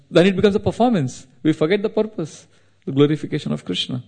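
Animated male preacher, fairly high voice. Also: fast talker, vocal fry. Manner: animated storyteller, laughs often. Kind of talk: devotional sermon storytelling.

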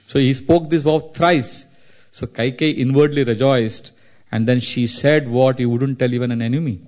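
A man from India, telling a devotional story as a sermon, in a dramatic, animated way. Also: mid-range voice, normal speed. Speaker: spiritual speaker.

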